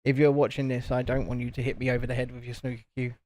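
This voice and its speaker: A man's voice: medium pitch, level tone, racing, a little mellow. A man chatting casually and joking as co-host of a live stream. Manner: joking, rambling. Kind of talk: casual chat.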